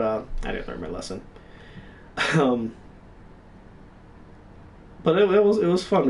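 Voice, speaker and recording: A young man telling gaming stories in a casual, profane, animated way. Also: mid-range voice, far from the mic, slight background noise. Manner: profane, animated, reenacts his own yelling. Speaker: stream co-host. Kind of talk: casual storytelling.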